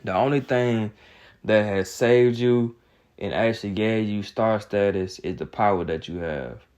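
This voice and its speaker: A man's voice: on the low side, measured pace, a little mellow. A young man, ranting in casual commentary with a heated, mocking, repetitive manner. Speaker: boxing commentator.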